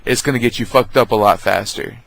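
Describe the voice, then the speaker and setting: A man's voice: medium pitch, fairly quick, creaky, fairly bright tone. A man voicing his blunt, offhand old grandfather in a told family story, close to his own voice.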